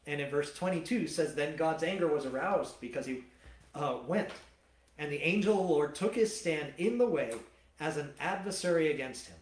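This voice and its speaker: A man pastor teaching a sermon, retelling the story in a lively, colloquial storytelling way. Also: fairly high pitch, normal speed. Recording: roomy church hall.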